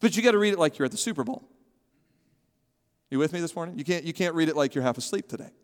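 A man preaching a sermon as pastor, animated and calling on his congregation to respond. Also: on the high side, quick pace. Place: church sanctuary. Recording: long hall reverb.

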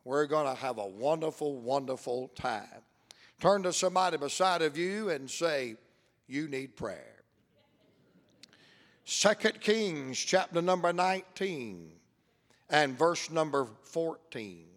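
An older man preaching a sermon as pastor, reading scripture aloud and stretching out key words between long pauses. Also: fairly high pitch, animated, in a large hall.

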